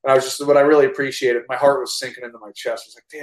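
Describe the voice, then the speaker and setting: A man tells his story in loose, casual talk, words tumbling out quickly. He is animated and swears freely, restarting sentences as he goes. The room has a roomy echo to it. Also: medium pitch. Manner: animated, profane, full of restarts. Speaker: guest actor.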